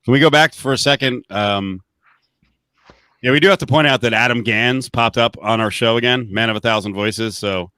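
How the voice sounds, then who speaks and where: A man's voice: mid-range voice, normal speed, bright, forceful tone, clear, resonant tone, no echo, studio quality. A man hosting a radio show in casual banter, making wry, rambling asides.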